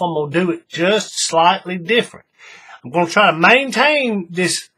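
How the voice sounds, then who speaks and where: A man's voice: sits high, bright, forceful tone, husky. A man hosting a hands-on craft tutorial, chatting in a folksy way to his viewers while he works. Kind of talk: casual hands-on craft demonstration.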